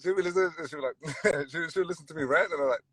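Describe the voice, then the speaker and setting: A young Australian man, guesting on a podcast, chats in a laid-back way with lots of fillers and laughs. His voice is a little high and husky, he talks quickly, and the recording is low quality.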